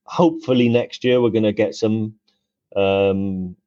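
A man's voice: lowish voice, steady tone, a little slow, dark tone, dry recording, dull audio. A man co-hosting a casual live-stream chat, rambling and laughing often.

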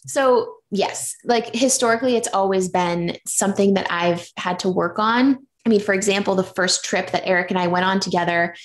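A woman in her thirties talking openly in a casual conversation, chatty and animated when she retells things. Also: mid-range voice, moderate pace, few pauses.

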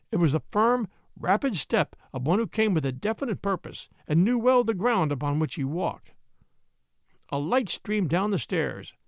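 A man narrating a classic detective story in an expressive, dramatic way. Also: high voice, vocal fry, dry recording, studio quality. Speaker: audiobook narrator.

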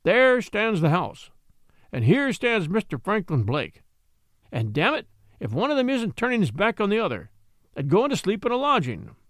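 Sly old house steward, folksy and scolding, lively rise and fall, dry close sound , read by a man. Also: high-pitched, moderate pace, dry recording, voice pushed up, full character voice. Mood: grumbling.

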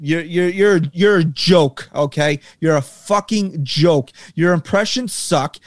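A man's voice: on the high side, slow, dry recording, studio quality. A man co-hosting a sports podcast, ranting heatedly and with lots of profanity. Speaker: podcast co-host. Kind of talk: heated casual sports talk.

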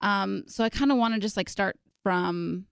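Co-host, woman, middle pitch, relaxed filler-heavy interviewer. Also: moderate pace, vocal fry, clear, resonant tone, dry recording, clean studio sound. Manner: friendly, rambling questions with many fillers. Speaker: podcast co-host. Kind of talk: casual interview conversation.

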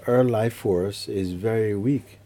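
A middle-aged man gives a spiritual talk to listeners in a very deep, low voice. His tone is dark and mellow. He is unhurried and earnest, and he acts out little quotes and images as he teaches.

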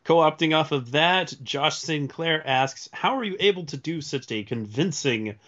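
A man's voice: a little high, a little slow, fairly bright tone, dull audio. A man hosting an interview, reading out listener questions and laughing easily. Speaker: interview host.

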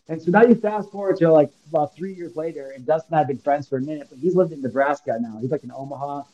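A man's voice: a little high, mellow, husky, highs cut off. A man in his thirties from Illinois, telling a personal story as a podcast guest in a casual, slangy, emphatic way, acting out the lines he quotes. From Illinois, United States.

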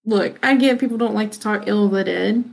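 A woman's voice: medium pitch, brisk, vocal fry, rough recording. A woman co-hosting a casual podcast chat, making blunt, dry remarks. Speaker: podcast co-host.

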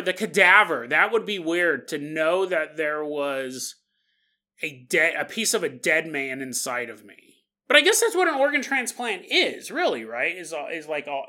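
A man with a high, bright voice hosts a podcast, rambling through a comedic monologue. He jokes constantly and slips into goofy put-on voices. His delivery has a sharp, forward edge. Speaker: podcast host.

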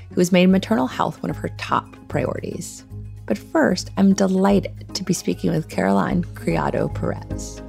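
A woman hosting a podcast, her voice hoarse from a sore throat, speaking in a measured, earnest way. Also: on the low side, a little mellow. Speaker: podcast host. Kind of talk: podcast interview.

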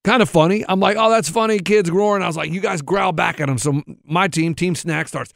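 A man with a high voice tells a story on a radio show, lively and full of acted-out quotes. He sounds close and dry in a studio, with no room sound around him. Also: brisk, creaky, no echo. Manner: animated, acts out quotes with rising pitch. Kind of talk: casual storytelling chat.

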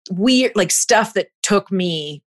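A woman's voice: medium pitch, takes it slowly. A woman in her forties, a guest speaker, telling stories in an interview and acting out the voices she quotes. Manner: animated, acts out quotes. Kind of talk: conversational interview storytelling.

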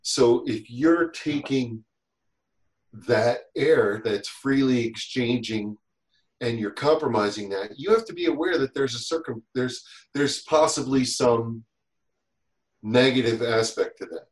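A man chatting as a podcast guest, telling lively stories and acting out what others said. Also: medium pitch, measured pace, roomy sound, rough recording. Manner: animated storyteller, acts out quotes. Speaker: guest, safety instructor. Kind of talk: casual podcast chat.

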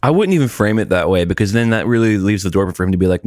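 A man co-hosting a casual podcast chat, coaching his friend with a lively, laughing delivery. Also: low-pitched, racing, no room sound, studio quality. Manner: animated, coaching, laughs often. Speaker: podcast co-host giving advice.

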